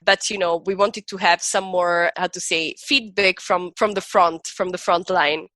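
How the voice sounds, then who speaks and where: A woman's voice: lowish voice, steady tone, measured pace, fairly bright tone, dry recording. A woman guest on a podcast, talking casually and at length, full of "you know" and "like" as she explains her ideas. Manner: talkative, peppered with "you know" and "like". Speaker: podcast guest, business school founder. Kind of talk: casual interview chat.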